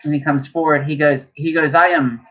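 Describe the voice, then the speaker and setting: A man's voice: a little high, little pitch movement, brisk, a bit bright. A man narrating as game master in a casual tabletop session, swearing freely and restarting his sentences. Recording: dull lo-fi home recording.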